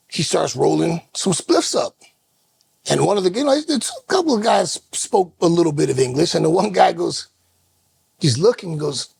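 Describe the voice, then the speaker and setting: A man co-hosting a podcast, telling an animated road story in casual chat and acting out the voices in it. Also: a little high, creaky, breathy edge. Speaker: co-host.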